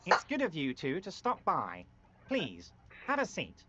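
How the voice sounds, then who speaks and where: A performer voicing a smooth-talking, ingratiating male union boss in a video game. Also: mid-range voice, wildly swooping pitch, a little slow, pushed and bright, muffled recording, heavily acted. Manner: ingratiating, overly polite.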